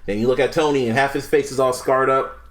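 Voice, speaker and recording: A man on a podcast, excitedly retelling a movie with laughs and swearing and acting out quotes. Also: medium pitch, fast, slight background noise. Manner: animated, laughs often, swears a lot, acts out quotes. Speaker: podcast co-host. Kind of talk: casual chat, retelling a movie.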